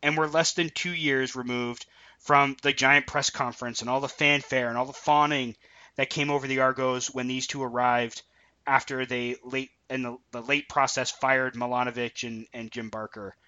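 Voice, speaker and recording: A man co-hosting a sports podcast, giving opinionated, animated takes in casual chat over dull lo-fi audio. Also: mid-range voice, moderate pace. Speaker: podcast co-host.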